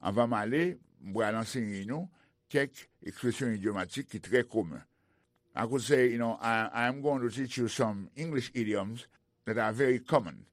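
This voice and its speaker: A man with a Haitian accent teaching English in a slow, deliberate way and spelling out words. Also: medium pitch, no echo, clean studio sound. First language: Haitian Creole. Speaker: language teacher. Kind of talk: bilingual radio language lesson.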